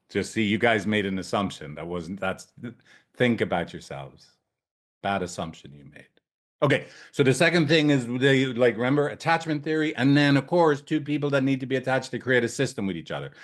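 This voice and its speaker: A male couples therapist talks trainees through his approach in a loose, casual way. He jokes, swears and drifts into tangents. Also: medium pitch. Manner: loose, jokey, profane, tangents.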